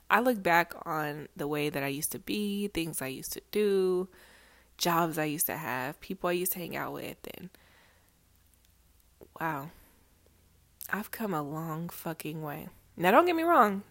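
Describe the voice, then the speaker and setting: A woman's voice: sits low, slow, vocal fry, pauses often, dry recording. A young woman vlogger chatting candidly to her followers, rambling, swearing and laughing, emotional and near tears. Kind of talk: casual chat to followers.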